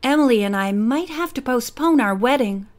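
A woman's voice: a little high, lively intonation, normal speed, lightly acted. A woman reading the part of a worried young male fiancé in an audiobook, pleading and glum.

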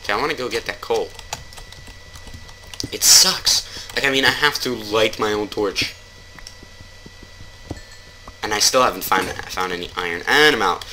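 A man's voice: lowish voice, moderate pace, long pauses, bright, forceful tone, a little hiss or hum, rough recording. A man giving casual let's-play commentary while he plays, rambling and joking, then taking his jokes back. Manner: rambling, jokey, keeps taking things back. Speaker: gamer.

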